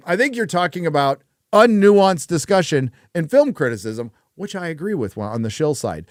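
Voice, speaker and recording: A man's voice: a little high, sing-song, normal speed, no room sound, studio quality. Blunt, profane male livestream host. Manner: blunt, profane ranting with frequent fillers. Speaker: livestream host reading viewer donations. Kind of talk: casual livestream chat.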